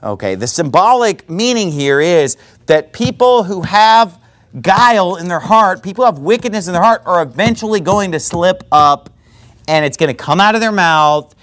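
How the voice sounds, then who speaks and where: A man preaching a sermon in a conversational way, with quick asides and self-corrections. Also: high voice, lively intonation, fairly bright tone. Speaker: pastor.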